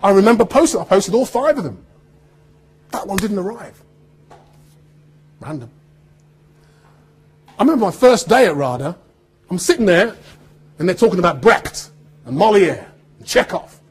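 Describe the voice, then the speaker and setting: A man with a neutral standard British accent speaks to a room of students in a very husky, raspy voice that sits fairly high for a man. His speech swings widely in pitch as he tells personal stories with laughter, acting out what other people said along the way. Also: moderate pace, pauses often. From Birmingham, England. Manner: animated storytelling with laughter and acted-out quotes.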